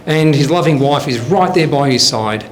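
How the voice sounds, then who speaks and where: A man telling jokes on a comedy show, relaxed and casual, acting out the punchlines. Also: a little high, moderate pace, background noise. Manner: relaxed storyteller, acts out the punchlines. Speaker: comedy show joke teller.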